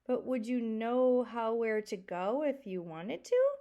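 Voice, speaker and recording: Woman voicing a cheerful nine-year-old boy for a storybook, eager and bright, high and lively. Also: slow, dull audio.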